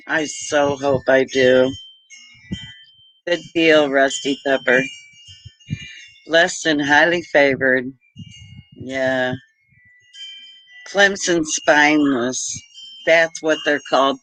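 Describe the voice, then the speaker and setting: A woman's voice: sits low, a bit bright, no echo, poor audio. A woman, chatting casually and heartfeltly on a livestream as a homesteading channel host, greeting viewers by name. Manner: chatty, heartfelt, reads viewer comments aloud.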